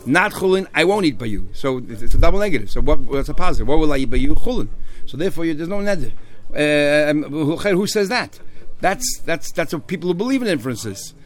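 A middle-aged man teaching a Talmud class, animated, firing rhetorical questions and mixing in Hebrew and Aramaic terms. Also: fairly high pitch, a little fast.

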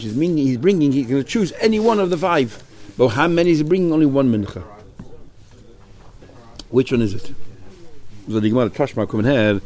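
A man's voice: mid-range voice, mellow. A man teaching a Talmud study class in English, peppered with Hebrew and Aramaic terms and questions to his students.

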